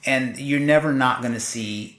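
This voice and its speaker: A man's voice: mid-range voice, moderate pace, fairly bright tone. Chatty man hosting a film podcast. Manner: chatty, many fillers, swears, mimics voices. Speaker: podcast host. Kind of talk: casual film discussion. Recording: roomy echo.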